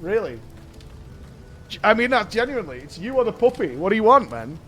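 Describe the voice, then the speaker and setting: A man with a hoarse voice chatting excitedly with his stream audience, swearing freely and repeating himself as he reads chat. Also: sits high, fairly quick, soft background music. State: hoarse from shouting. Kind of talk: casual chat with a live audience.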